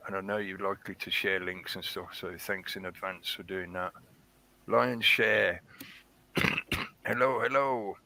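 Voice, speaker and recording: A man's voice: low voice, creaky, bright, forceful tone. A man hosting a casual livestream, chatting in a rambling way and greeting viewers in the chat by name. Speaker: livestream host. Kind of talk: casual live-stream chat.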